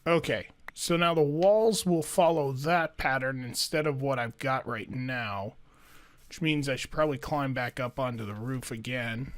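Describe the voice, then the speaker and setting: Slow, musing gaming man. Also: mid-range voice. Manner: thinks aloud, musing and self-talking. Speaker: gaming YouTuber. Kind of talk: let's play commentary.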